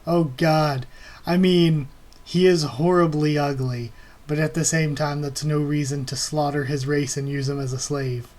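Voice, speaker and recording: A man hosting a live reaction to a webcomic, excitedly gushing and laughing as he reads. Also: fairly high pitch, unhurried.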